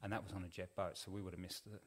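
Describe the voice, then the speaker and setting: A middle-aged man with a fairly low voice tells a story on a podcast. He rambles in a laid-back way, with plenty of ums and restarts. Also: flat delivery, racing. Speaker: podcast guest. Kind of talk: casual storytelling.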